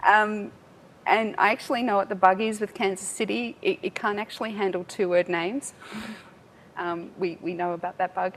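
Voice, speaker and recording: A woman giving a live software demo at a tech talk, chatty and self-mocking, laughing often. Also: mid-range voice, measured pace, long pauses. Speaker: tech speaker.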